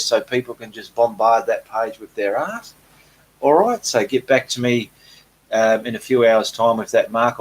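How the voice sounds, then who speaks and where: Male host, husky voice, easygoing live Q&A chatter. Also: mid-range voice, poor audio. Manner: relaxed, chatty, reads comments aloud with frequent ums. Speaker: painting channel host. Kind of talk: casual live Q&A reading viewer comments.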